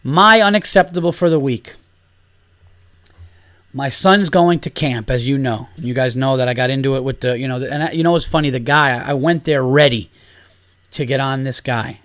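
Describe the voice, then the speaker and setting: Profane ranting podcast host. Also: male voice, moderate pace, dry recording. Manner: animated, profane ranting, swings loud and high when worked up. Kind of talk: solo podcast rant.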